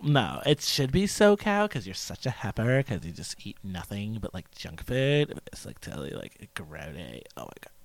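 A man's voice: on the low side, big pitch swings, moderate pace, vocal fry, few pauses, dry recording, pitched below the performer's own voice. A man putting on an airheaded valley-speak character who drawls "like, totally.". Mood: snobbish. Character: airheaded male valley-girl type "Grody J".

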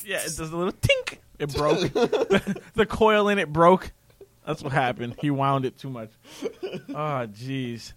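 A man's voice: a little high, unhurried. A man chatting casually as a podcast co-host, laughing often and telling stories with animation. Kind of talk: casual banter.

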